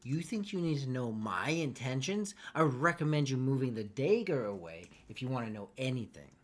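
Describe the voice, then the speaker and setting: A man voicing a calm woman captive who speaks steadily and coolly challenges the people threatening her. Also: medium pitch, fairly quick. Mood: cold, taunting.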